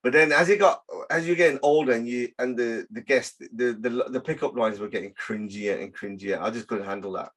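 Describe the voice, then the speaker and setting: A man's voice: mid-range voice, brisk, hardly any pauses, fairly bright tone. Co-host: man with a mid-range voice, rambling and hesitant, casual podcast chat. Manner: rambling, hesitant, lots of fillers.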